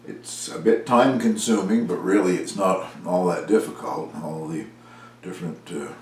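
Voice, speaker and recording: A man chatting casually about the bread he baked at home, relaxed and rambling with fillers. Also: deep voice, moderate pace. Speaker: home baking vlogger. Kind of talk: casual home cooking talk. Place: home kitchen and dining room. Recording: echoey room with background noise.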